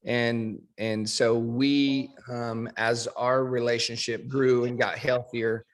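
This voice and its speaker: Guest: man of middle pitch, a dentist, talks in a measured way with frequent fillers. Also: little pitch movement. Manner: measured, with many fillers and restarts. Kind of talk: interview.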